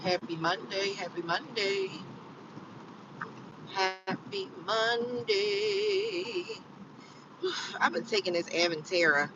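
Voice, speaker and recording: A tired, yawning woman in her fifties live-streams from her car on the road to work, chatting casually and repeating her phrases over and over. Her voice is lowish and moderately paced, recorded lo-fi from a distant mic with a noisy background.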